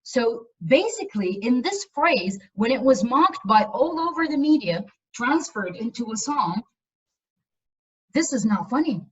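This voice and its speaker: A university lecturer gives an online lecture over a muffled video call, her voice a little high with a breathy edge and big pitch swings. She speaks a little slowly, earnest and emphatic, repeating herself often.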